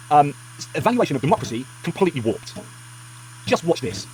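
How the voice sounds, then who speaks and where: Rapid, ranting angry man. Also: on the high side, sing-song, slight background noise. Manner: angry, emphatic, rapid ranting with many restarts. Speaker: political commentary vlogger. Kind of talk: heated political commentary.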